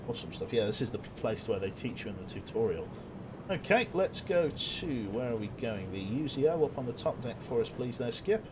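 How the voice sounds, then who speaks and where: A man's voice: medium pitch, noisy background. A man giving casual, jokey commentary while streaming a game, chatting with viewers and swearing now and then.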